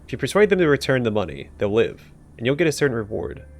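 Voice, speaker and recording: A man's voice: medium pitch, very animated, fast talker. A man voicing Gosha, a cocky old thief. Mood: swaggering. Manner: swaggering, breezy slang with threats. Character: old male thief and loan shark, cocky and menacing.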